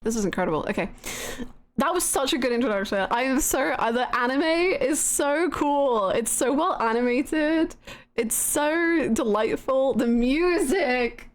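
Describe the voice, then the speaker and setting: Brief: excitable, giggly woman commenting on a game live at an unhurried pace. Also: high voice. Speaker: streamer.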